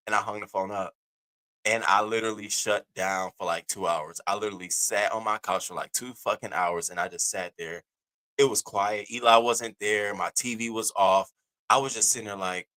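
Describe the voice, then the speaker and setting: A man's voice: fairly low pitch, steady tone, moderate pace, sharp tone. A man in his thirties hosting a casual live stream, candid and profane, swinging between laughing and heavy moments. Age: 30s.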